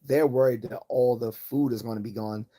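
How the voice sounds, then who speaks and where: Calm, mellow-voiced man rambling on a livestream. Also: moderate pace. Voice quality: calm, low-key voice. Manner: tangent-prone, many restarts and repeated words. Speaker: livestream host. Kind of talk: rambling casual monologue.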